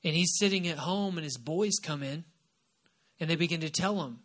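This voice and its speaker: A man's voice: fairly high pitch, moderate pace, fairly bright tone. A man preaching a sermon, retelling a Bible story with emphatic repetition. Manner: emphatic and repetitive, stressing key phrases.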